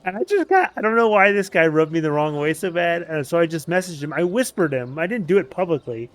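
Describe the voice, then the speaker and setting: Male streamer, slightly high voice, rants animatedly while playing a game. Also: fast talker. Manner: animated ranting storyteller. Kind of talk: casual gameplay chat.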